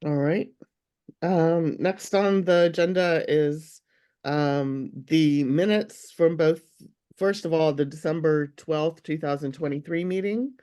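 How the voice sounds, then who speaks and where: A woman with a cold, sounding congested, chairing a remote public meeting over a video call in a brisk, procedural way. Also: deep voice, dark tone, dry recording, studio quality.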